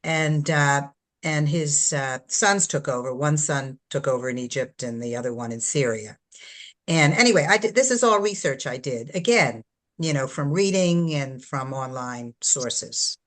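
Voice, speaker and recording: Low-voiced older woman author, rambling. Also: a little slow. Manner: rambling, searching for words, many fillers. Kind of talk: casual book discussion.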